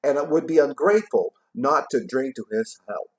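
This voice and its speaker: A man's voice: mid-range voice, expressive, moderate pace, close to an everyday voice. A man doing a hearty young nephew's toast.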